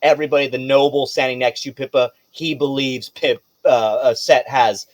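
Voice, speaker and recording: A man's voice: medium pitch, moderate pace, no echo. Male GM, casual profane narration, dry close sound. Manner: loose, swearing, animated narration. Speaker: game master. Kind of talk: narrating a tabletop game.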